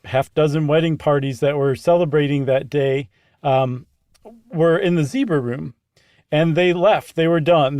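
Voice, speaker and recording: A man co-hosting a podcast, telling a story in a casual, animated way with frequent fillers and restarts. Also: on the high side, no echo, clean studio sound. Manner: animated, hesitant with fillers, retells events from notes. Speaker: podcast co-host.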